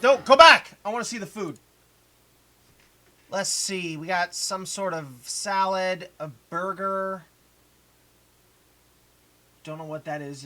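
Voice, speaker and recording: Bright excitable man reacting. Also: high voice. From United States. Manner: excitable, rambling, talks over the clip. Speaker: reaction video host. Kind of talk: reaction commentary over a video.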